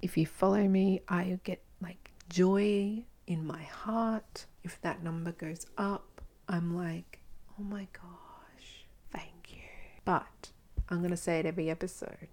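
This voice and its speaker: A woman's voice: lowish voice, steady tone, a little slow, dark tone. An Australian woman hosting her own podcast, talking casually and frankly, swearing freely as she chats to listeners. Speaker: podcast host. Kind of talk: casual solo podcast talk.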